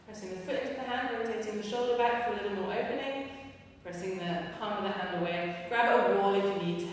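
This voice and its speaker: A woman fitness instructor leads a live workout class, slightly out of breath as she encourages everyone and counts down the reps. Her medium-pitched voice moves at a quick pace. She sounds distant from the mic, with a roomy echo and faint noise.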